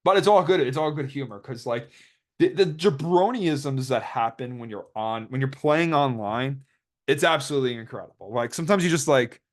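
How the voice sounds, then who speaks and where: A man's voice: mid-range voice, normal speed. A young man casually commentating over his card game replays, rambling and joking as he retells a dispute. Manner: rambling, joking, quotes others in put-on voices.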